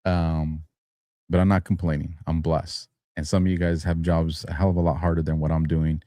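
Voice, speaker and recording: A man's voice: extremely low pitch, little pitch movement, moderate pace, no room sound. A tired man hosting a live-streamed talk show, rambling casually with frequent chuckles and getting heated when he argues a point. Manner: rambling, chuckles between phrases, grows heated and louder when arguing. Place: studio.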